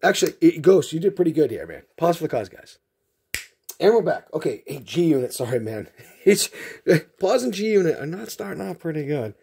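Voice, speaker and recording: A man's voice: on the high side, fairly quick, creaky, husky. A middle-aged man hosting a card-opening video, telling a long childhood story between packs with lots of fillers. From Massachusetts. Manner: rambling, animated storyteller with many fillers.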